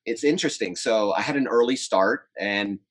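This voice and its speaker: A man in his forties from the United States tells stories in a relaxed interview. His voice sits a bit low, and he talks in an animated, chatty way, often acting out what other people said. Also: normal speed. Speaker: relationship coach, guest. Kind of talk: casual interview storytelling.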